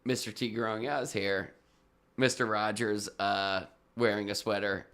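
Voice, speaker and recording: A man's voice: fairly low pitch, fairly even intonation, normal speed, fairly bright tone, clean tone. A man co-hosting a casual podcast chat about a TV episode, laughing often and joking playfully. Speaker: podcast co-host.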